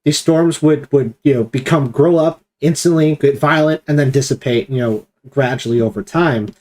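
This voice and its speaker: A man's voice: medium pitch, moderate pace, darkish tone. A man leading a streamed Bible study discussion, explaining at length and acting out quoted commands with emphasis.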